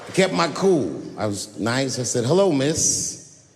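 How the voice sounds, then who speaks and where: Animated, profane male stand-up comedian. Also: medium pitch, moderate pace, creaky. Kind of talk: live stand-up storytelling. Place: live comedy venue. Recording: echoey hall, live show.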